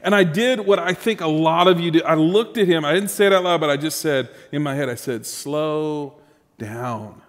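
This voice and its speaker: A man's voice: fairly high pitch, quick pace, hardly any pauses, long reverb tail. A man preaching a sermon as pastor, conversational and humorous, with asides to the congregation.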